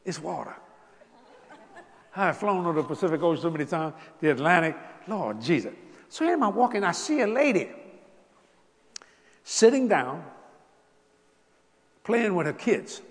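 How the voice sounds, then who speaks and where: A man preaching a storytelling sermon, chatty and laughing along, swinging between loud exclamations and hushed near-whispers. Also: fairly high pitch, very animated, normal speed, long pauses, long reverb tail. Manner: conversational, laughs with the crowd.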